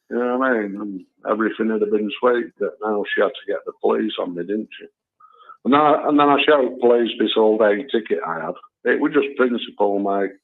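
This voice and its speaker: A man's voice: fairly low pitch, gravelly. Man rambling over a phone line. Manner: chatty, lots of filler tags like "you know" and "and all that". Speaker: phone-in caller. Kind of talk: rambling anecdote on a call-in show.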